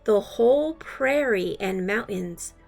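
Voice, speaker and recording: A woman reading a rhyming picture book aloud in a slow, rhythmic delivery. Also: medium pitch, expressive, creaky, darkish tone, soft background music. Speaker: storybook reader.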